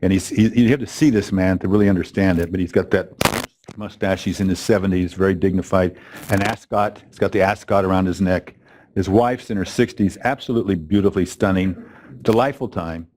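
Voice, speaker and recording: A man's voice: low voice, fairly even intonation, fairly quick, darkish tone, a little hiss or hum. A middle-aged man telling a story to a live training audience, chatty and conversational, with fillers and self-corrections. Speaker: speaker opening a training event. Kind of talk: storytelling keynote talk.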